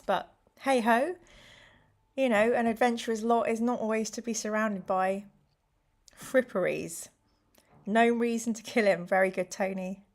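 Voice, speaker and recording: A woman hosting a live stream, reading a gamebook aloud to her chat in a playful, exclamatory way. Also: on the high side.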